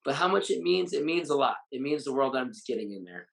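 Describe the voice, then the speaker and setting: A man's voice: medium pitch, sing-song, fast, creaky, fairly bright tone, low-quality recording. A Muay Thai fighter and coach, a man, speaking bluntly and with raw emotion in a candid interview, swearing freely. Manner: blunt, heavily profane, openly emotional.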